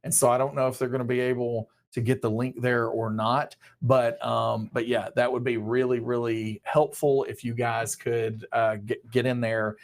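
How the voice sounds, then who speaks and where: Male host, casual live-stream update, relaxed and chatty, mid pitch. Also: normal speed, few pauses. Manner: casual, friendly, a few uh fillers.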